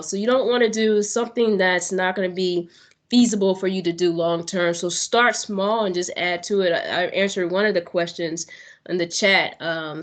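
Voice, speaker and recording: A woman wellness coach giving a webinar presentation over a video call, encouraging and casual with fillers. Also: lowish voice.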